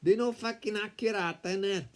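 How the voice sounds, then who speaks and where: A man's voice: high-pitched, moderate pace. Blustering man in a Welsh-Scouse accent. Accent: put-on mix of Welsh and Scouse. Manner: blustering, swears constantly, tags lines with innit. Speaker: comedy sketch performer. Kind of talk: improvised comedy bickering. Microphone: tablet camera.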